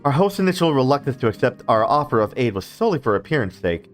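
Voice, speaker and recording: A man voicing an earnest young male ally, reading game dialogue in formal, archaic, measured speech. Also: mid-range voice, sing-song, faint music behind, pitched above the performer's own voice, close to an everyday voice.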